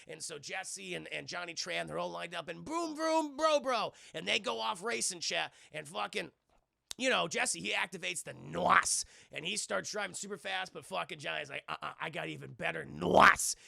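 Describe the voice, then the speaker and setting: A high, gravelly male voice with a bright, forceful edge, talking fast and loose as he recaps a movie for his chat. He is animated and swears freely. The sound is dry and close. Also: dry recording. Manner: animated, profane, talks to chat, acts out characters. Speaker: streamer reviewing a film. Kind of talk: casual scene-by-scene recap to a live chat.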